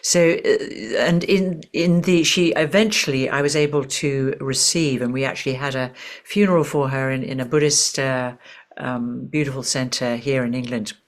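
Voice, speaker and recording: Soft-spoken woman voice teacher telling a story. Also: rumbling low, fairly even intonation, normal speed. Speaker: voice teacher and author, guest. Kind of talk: reflective storytelling in conversation.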